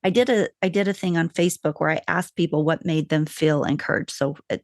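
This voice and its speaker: A woman's voice: low-pitched, brisk, no room sound, studio quality. A woman hosting a podcast in casual chat, telling stories with enthusiasm. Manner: enthusiastic, storytelling. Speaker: podcast host.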